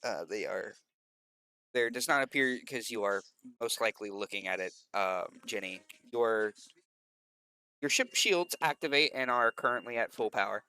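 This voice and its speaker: Man, game master narrating, hesitant, bright and crisp. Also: mid-range voice, animated, moderate pace. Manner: hesitant, many filler ums.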